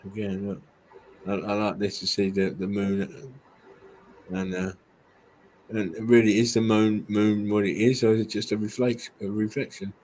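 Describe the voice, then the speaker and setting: A man's voice: fairly low pitch, level tone, measured pace, darkish tone, low-quality recording. Profane rambling English man, restarting often. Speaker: guest showing buildings on a live stream. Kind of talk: casual livestream chat.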